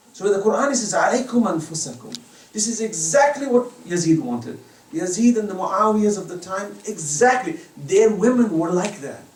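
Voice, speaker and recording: A man giving an impassioned religious lecture at a private home, mixing storytelling with moral teaching. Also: high-pitched. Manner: impassioned, storytelling, varies loudness widely. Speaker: Islamic lecturer. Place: private residence. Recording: echoey room from far off, faint noise.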